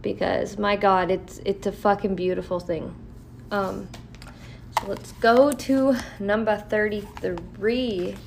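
Slow and gravelly with a steady tone at medium pitch, this woman vlogger mixes profane, filler-heavy casual talk with occasional reading from a list. She speaks candidly, and slight background noise is audible.

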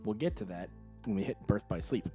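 This man co-hosts a casual chat podcast, recapping a video game with friends. His pitch swings widely as he acts out the characters' lines. Faint music plays underneath. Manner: animated, quick to act out characters' lines. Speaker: podcast co-host.

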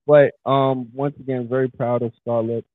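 A man's voice: medium pitch, normal speed, no room sound. A man co-hosting a podcast, chatting casually and hyping up his lines. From New York. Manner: animated, hypes up his lines. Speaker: podcast co-host. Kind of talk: casual chat. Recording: husky voice over a tinny phone-like line.

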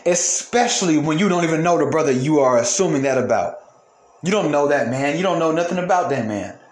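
High-voiced man ranting angrily, roomy echo. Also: expressive, fairly quick. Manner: angry, profane, repeats for emphasis. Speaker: podcast host. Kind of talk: heated ranting monologue.

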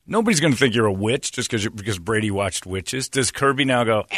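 Lively, bright-voiced male talk host. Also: fairly quick, no room sound, clean studio sound. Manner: animated storyteller, jumpy pitch, mock voices. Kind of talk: casual studio banter.

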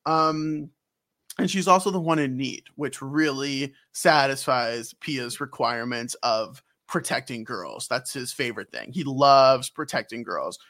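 This male podcast co-host speaks at medium pitch, a little slowly, with a pushed, bright tone. He meanders through a casual recap of a game, dropping plenty of ums and performing scenes.

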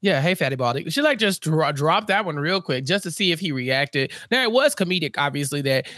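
A man co-hosting a podcast, recapping a TV episode in casual, animated chat and acting out the characters' lines. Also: on the high side, fairly quick, no echo, studio quality. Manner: animated, acts out characters in exaggerated voices. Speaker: podcast co-host.

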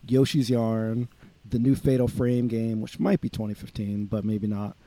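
A man on a podcast panel talks through his thoughts in a loose, rambling way. His voice is mellow and darkish, and the sound is dry with no room around it. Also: on the low side, level tone, normal speed, no room sound. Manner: rambling, many restarts and fillers. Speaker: podcast co-host. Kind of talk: casual podcast chat.

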